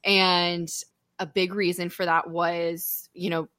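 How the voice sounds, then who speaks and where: A young woman hosting a podcast, talking candidly and telling stories with an open, animated manner. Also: fairly low pitch, takes it slowly, dry recording, clean studio sound. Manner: open, animated storytelling with frequent laughter. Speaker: podcast host. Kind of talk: candid casual podcast chat.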